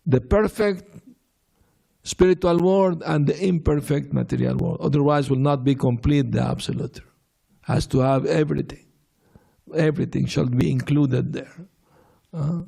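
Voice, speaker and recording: Gravelly, dark-voiced man giving a lecture. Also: on the high side, fairly even intonation, moderate pace. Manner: storytelling, repeats phrases, frequent uh fillers, soft laughs. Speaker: swami giving a class. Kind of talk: devotional lecture with anecdotes.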